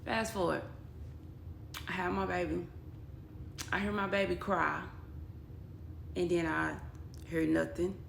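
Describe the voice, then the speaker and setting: Gravelly-voiced woman telling her own story. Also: on the low side, fairly even intonation, slow pace, pauses often. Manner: blunt and emotional, quotes others in dialogue. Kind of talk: personal storytelling vlog. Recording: echoey room with faint background noise.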